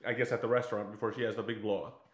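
A man casually retelling a film plot on a podcast, acting out the characters' lines in quick, animated bursts. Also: on the low side, echoey room. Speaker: podcast co-host.

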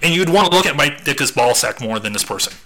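A man's voice: mid-range voice, lively intonation, quick pace, sharp tone, rough recording. A man co-hosting a podcast in casual chat, crude and joking, laughing often. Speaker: podcast co-host.

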